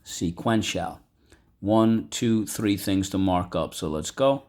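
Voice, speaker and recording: A man teaching a vocabulary lesson from home, repeating words slowly for students to echo. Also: sits low, a little mellow. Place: home room.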